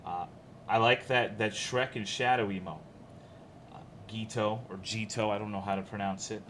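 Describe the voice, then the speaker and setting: Relaxed, foul-mouthed male streamer. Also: lowish voice, moderate pace, slight background noise. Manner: laid-back, profane, reads viewer names in a run. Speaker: streamer greeting chat. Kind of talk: casual live-stream chat.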